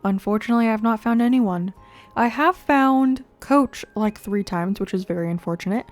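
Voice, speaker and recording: A woman's voice: fairly high pitch, normal speed, a little mellow. A young woman giving chatty, playful commentary while playing a video game, laughing often and talking to her viewers. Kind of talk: casual gameplay commentary.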